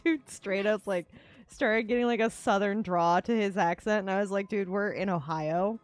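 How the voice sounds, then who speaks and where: Young female streamer, mid-pitched, rambling chatter between gameplay moments. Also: steady tone, normal speed, smooth, dry recording, faint music behind. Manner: rambling, lots of "like" fillers, laughs often. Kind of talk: casual chat while gaming.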